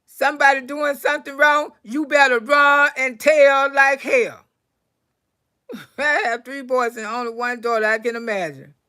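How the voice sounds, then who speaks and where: A woman telling stories and praying for her live chat, swinging from loud to soft. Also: high-pitched, measured pace. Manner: animated storyteller, swings from loud to soft prayer. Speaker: comedian livestream host.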